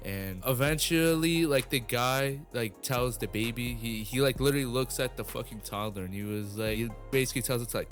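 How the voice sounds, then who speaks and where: A young man telling a story casually, rambling with lots of fillers and some swearing. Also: medium pitch. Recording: music playing underneath.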